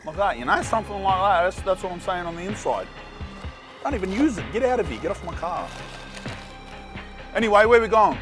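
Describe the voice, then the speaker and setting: A man's voice: high-pitched, sing-song, a little fast, pauses often, loud music behind the voice. Joking Australian man hosting a food vlog. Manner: loud, joking, slangy banter. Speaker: food vlogger host. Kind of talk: casual vlog chat.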